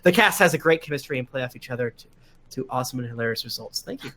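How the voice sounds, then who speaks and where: A man's voice: medium pitch, animated, very fast, pushed and bright. A man on a live-streamed podcast who casually reads listener reviews aloud, rattling through them with frequent "uh"s and little chuckles. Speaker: podcast cast member reading listener reviews. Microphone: desk mic on a live stream.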